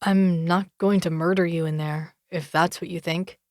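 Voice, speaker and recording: A woman's voice: fairly low pitch, fairly even intonation, moderate pace, darkish tone, no echo, clean studio sound, natural voice. A woman narrator voicing a defensive, hot-tempered young man who answers with sarcasm in an audiobook.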